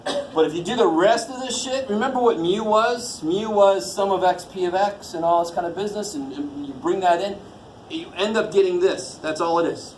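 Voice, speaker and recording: A man's voice: high-pitched, moderate pace. A man teaching a college math class in a casual, jokey way, swearing lightly and quizzing the students as he goes. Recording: echoey classroom with faint noise.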